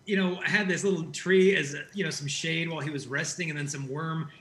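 A man with a bright, forceful voice that sits fairly high. He tells stories with animation and acts out the lines he quotes. The sound is roomy and echoing. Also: fairly even intonation, fairly quick. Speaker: guest. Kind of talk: conversational faith discussion.

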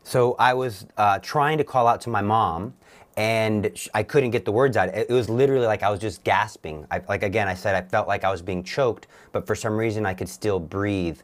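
A young man sits as a guest on a talk show and tells his own story in earnest. He talks haltingly, with restarts and repeats. His voice sits a little low. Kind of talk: personal testimony on a talk show.

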